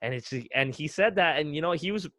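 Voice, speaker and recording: A man's voice: a little high, fast, no echo. A young man talking casually on a podcast, telling stories with lots of fillers and acted-out quotes. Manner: relaxed storytelling with many fillers, acts out quotes. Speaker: guest, retired runner.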